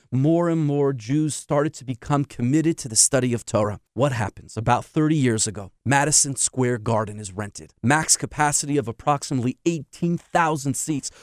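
A man's voice: mid-range voice, darkish tone, no room sound, studio quality. A man, a rabbi, giving a sermon full of stories and emphatic rhetorical questions. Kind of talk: sermon with storytelling.

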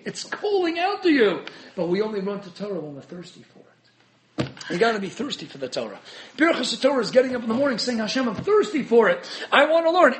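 A rabbi giving a Torah lecture in a very high, light voice. He talks fast and in an animated way, chuckling as he goes and mixing in Hebrew and Yiddish terms. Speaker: rabbi teaching a Torah class.

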